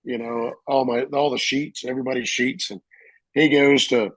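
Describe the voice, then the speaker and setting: A middle-aged man, a veteran guest, telling stories in a casual, animated way on a podcast. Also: medium pitch, normal speed, no room sound, poor audio. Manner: animated, acts out quoted officers in loud bursts. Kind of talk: casual storytelling.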